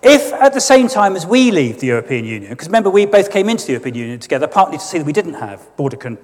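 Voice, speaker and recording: A man delivers a sardonic, emphatic political speech. His voice sits high and swings widely in pitch. A long reverb from the church trails behind his words. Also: big pitch swings, very fast. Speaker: guest speaker.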